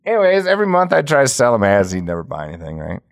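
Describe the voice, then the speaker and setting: A man's voice: medium pitch, huge pitch swings, gravelly, no echo, studio quality. A man co-hosting a podcast in casual chat, swearing freely and laughing through his stories. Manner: profane, laughing storyteller; does quick impressions of people in his stories. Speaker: podcast co-host.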